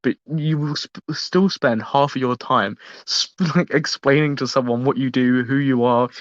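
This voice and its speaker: A man of middle pitch hosts a casual podcast, talking in halting bursts packed with "like" and tag questions. His voice is close and dry, with no room sound, but the mic sounds dull and lo-fi. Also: dry recording. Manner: halting, filler-heavy, tags lines with "right?". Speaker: podcast host.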